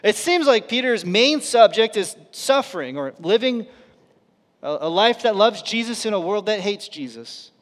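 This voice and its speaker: Storytelling pastor in a reverberant hall. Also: male voice, high voice, very animated, normal speed. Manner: storytelling, dropping to a hush for quoted lines. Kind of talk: sermon. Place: church auditorium.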